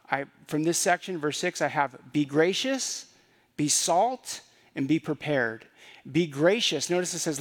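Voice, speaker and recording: A man preaching a sermon in a conversational way, often repeating phrases and asking rhetorical questions. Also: on the high side. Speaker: pastor.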